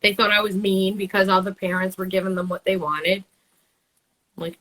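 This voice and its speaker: Blunt, bright-voiced woman host. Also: mid-range voice, fairly even intonation, moderate pace, poor audio. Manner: blunt, swears freely. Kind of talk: casual chat.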